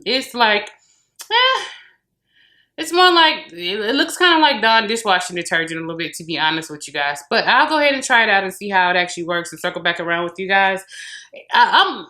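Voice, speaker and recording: A woman's voice: medium pitch, lively intonation, fast, pushed and bright. An American woman chatting casually to her viewers while reviewing beauty and hair products at home. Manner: chatty, talks straight to viewers. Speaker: beauty vlogger. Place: home room with closet behind.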